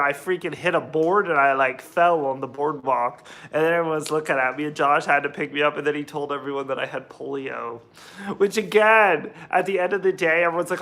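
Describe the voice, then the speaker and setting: Cooking as he streams, this young American host talks in a high-ish, bright, forceful voice. His chatter wanders, and he keeps calling out viewers' names from the chat.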